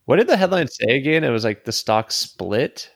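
A man co-hosting a podcast, chatting casually, laughing easily and explaining things haltingly. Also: mid-range voice, lively intonation, vocal fry, no room sound. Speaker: podcast co-host. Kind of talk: casual chat.

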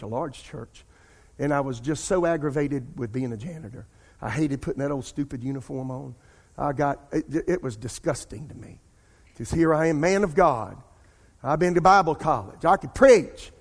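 In a church sanctuary, a middle-aged pastor delivers a sermon in a mid-range, slightly rough voice, addressing the congregation directly. Call-and-response asides punctuate his preaching, and the recording carries long hall reverb.

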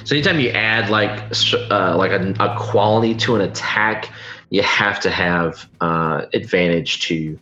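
A man running a tabletop game as game master, explaining rules and describing scenes in a halting way, full of fillers. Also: deep voice, pushed and bright. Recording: dull podcast audio with faint music.

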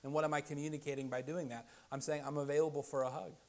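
A middle-aged pastor preaches a sermon in a slightly high, level voice at a quick pace. He drops to a hushed softness for quoted invitations and gets loud at his most emphatic points.

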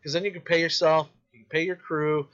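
Profane, animated man on a lo-fi podcast. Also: a little high, a little fast, clear, resonant tone. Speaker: independent filmmaker. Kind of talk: casual podcast chat.

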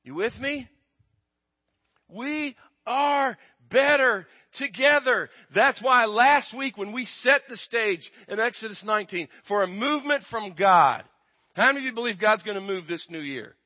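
A man preaching a sermon to his congregation, asking them questions and waiting for answers, his volume rising and dropping. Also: a little high. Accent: American. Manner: call-and-response with congregation, swings loud and soft. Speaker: pastor. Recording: dull lo-fi recording.

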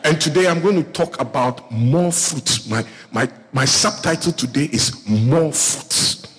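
A male pastor preaching a sermon, telling a Bible story with lively acted-out voices and calling out to his congregation. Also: fairly high pitch, measured pace, husky. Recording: echoey hall reverb.

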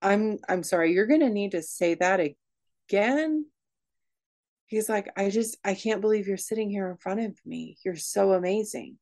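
A woman telling a raw personal story in an interview, candid and emotional, speaking in quick bursts with frequent restarts. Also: mid-range voice, expressive, darkish tone. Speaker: guest.

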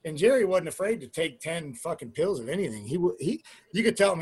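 A man's voice: a little high, quick pace, breathy edge. A middle-aged man who used to wrestle, telling swearing-heavy locker-room stories in a casual interview. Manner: profane, animated storyteller, acts out quotes; trailing fillers and restarts. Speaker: interview guest, former pro wrestler. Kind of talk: casual storytelling.

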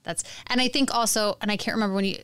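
An American woman co-hosting a podcast, replying to her guest in a supportive, quick, conversational way. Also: medium pitch, steady tone, fairly bright tone, smooth, no echo. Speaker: podcast co-host. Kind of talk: casual interview chat.

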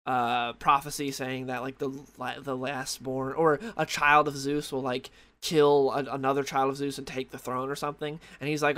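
A man's voice: mid-range voice, fairly even intonation, moderate pace, fairly bright tone. A tired young man rambling casually through a comic book review late at night, losing his train of thought and filling gaps with "like" and "uh.". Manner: rambling, loses track, many fillers.

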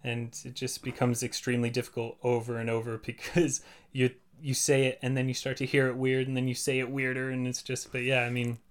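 A man who works as a voice actor, talking at length in a relaxed podcast chat, full of fillers like "like" and "you know". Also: medium pitch, a little fast, few pauses. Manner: chatty, explains at length with many fillers.

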